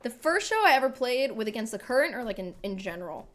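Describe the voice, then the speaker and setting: A woman's voice: a little high, sing-song, fast, faint music behind. A young woman, a singer, chatting casually on a live stream into a desk microphone, rambling with lots of filler words.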